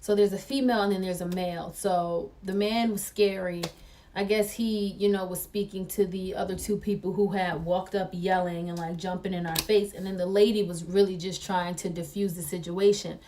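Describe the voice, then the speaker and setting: A young woman telling a story to the camera in an animated way, acting out the voices she quotes. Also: fairly low pitch, normal speed, recorded from a distance, slight background noise. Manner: excitable, acts out quoted voices.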